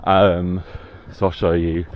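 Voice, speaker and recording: A man with a low voice talks casually to a handheld camera while walking a hill path. He rambles and mocks himself, swears now and then, and sounds a little out of breath. Clear wind and outdoor noise run behind him. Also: flat delivery, takes it slowly, highs cut off. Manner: rambling, self-mocking, sweary. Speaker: vlogger. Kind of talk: casual hiking vlog.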